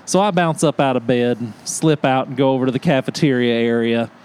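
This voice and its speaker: A podcast host tells a long story in relaxed, casual chat. His voice sits at an ordinary male pitch. He is animated and quick to laugh, acting out other people's lines. A faint hiss runs under the recording. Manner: animated, laughs often, acts out quotes.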